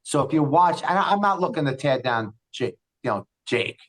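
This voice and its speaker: A man's voice: fairly high pitch, expressive, normal speed, a bit bright, low-quality recording. Rambling, enthusiastic male co-host. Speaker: podcast co-host. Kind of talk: casual chat.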